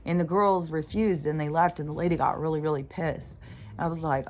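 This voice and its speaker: A woman with a notably low voice talks in a loose, meandering monologue. She circles back on her thoughts, restarts often and swears freely as she goes. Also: fairly even intonation, a little fast, a little mellow. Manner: meandering, profane, full of fillers and restarts. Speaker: spiritual vlogger. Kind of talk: rambling casual monologue.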